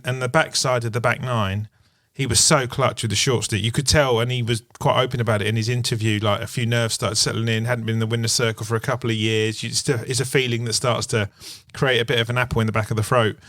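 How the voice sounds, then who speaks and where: A man telling golf stories in casual chat, rambling and animated with lots of fillers. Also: mid-range voice, no echo, clean studio sound. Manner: rambling, animated storytelling full of "like" and "you know". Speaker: podcast co-host.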